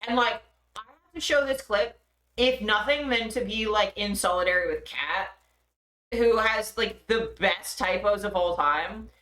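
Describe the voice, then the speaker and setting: Bright, lively woman streamer in echoey room. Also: mid-range voice, measured pace. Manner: laughing, self-mocking, swears freely. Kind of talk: casual live-stream chat.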